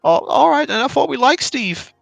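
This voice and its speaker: A man's voice: very high-pitched, lively intonation, normal speed, vocal fry, fairly bright tone, dry recording, dull audio, faint music behind, pitched above the performer's own voice, exaggerated voice. A man voicing a big, friendly male pig general with an Australian accent, easygoing and amiable. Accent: Australian put on.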